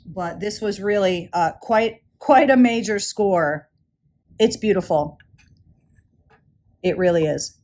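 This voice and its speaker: Indoors while traveling, a woman chats enthusiastically through a casual vlog haul of jewelry she bought, often repeating words for emphasis. Her mid-range voice is expressive and darkish in tone, a little slow, with few pauses.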